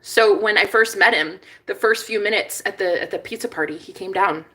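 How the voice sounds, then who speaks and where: A woman talking casually to camera in a confessional vlog, chatty and profane, swinging between hushed and excited. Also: medium pitch, brisk. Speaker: vlogger and manifestation coach.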